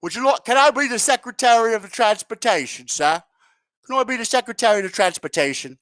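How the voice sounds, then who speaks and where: A man's voice: very high-pitched, expressive, fast talker, fairly bright tone, dry recording, voice pushed up. A man putting on a mock Australian accent to play a groveling politician begging for a post. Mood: fawning. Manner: groveling, wheedling. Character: fawning male politician begging for a job.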